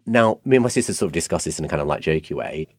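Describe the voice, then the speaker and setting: Host, man, very low voice, casual and jokey, dry close sound. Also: expressive, racing, no echo. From Bradford, England. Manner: chatty, jokey and teasing. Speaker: podcast host. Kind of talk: casual chat.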